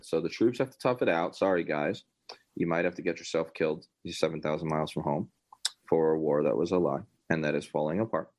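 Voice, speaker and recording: Male podcast host with a deep voice, casual commentary, opinionated and sarcastic. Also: brisk, darkish tone. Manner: opinionated, rambling, sarcastic asides.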